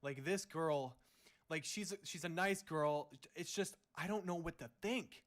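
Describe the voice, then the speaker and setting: Young man, defensive apology, stammering restarts, slightly high voice. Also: a bit bright. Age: young adult. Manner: halting, defensive, many restarts. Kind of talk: apology video statement.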